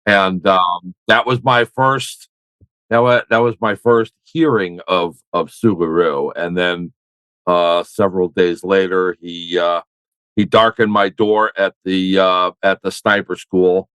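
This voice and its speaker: Low-voiced older veteran spinning a yarn. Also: male voice, steady tone, slow, a bit bright, smooth, no room sound, poor audio. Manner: rambling, self-correcting, wry. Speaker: military veteran guest. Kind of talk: conversational storytelling.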